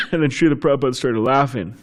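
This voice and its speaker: A man leading a scripture class, telling stories in a chatty way with laughs and restarts, then taking questions. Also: mid-range voice. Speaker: class speaker.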